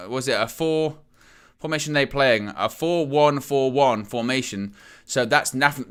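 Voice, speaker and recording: Hosting a live fan stream, this man delivers loose running commentary on a football match, stumbling through fillers and restarts. His mid-range voice sounds bright and forceful yet smooth.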